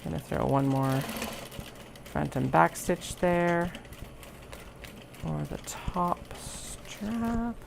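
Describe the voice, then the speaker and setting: A woman's voice: low-pitched, animated, extremely slow, gravelly, pauses often, darkish tone, slight background noise. A woman chatting to herself as she sews a bag, talking through each step in a casual, self-amused way. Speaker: crafter sewing on stream. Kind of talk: casual sewing narration. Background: sewing machine running.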